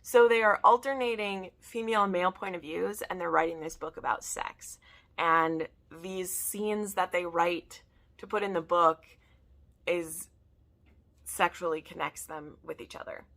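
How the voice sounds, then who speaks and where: A woman's voice: fairly low pitch, fairly even intonation, a little slow, a bit bright. A woman chatting casually in a book review vlog, peppering her talk with "like". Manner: chatty, frequent "like" fillers.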